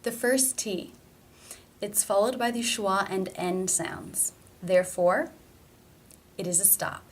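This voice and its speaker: Female pronunciation teacher, mid-pitched, deliberate and clear in her demonstrations. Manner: slow, careful demonstration of sounds. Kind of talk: pronunciation lesson.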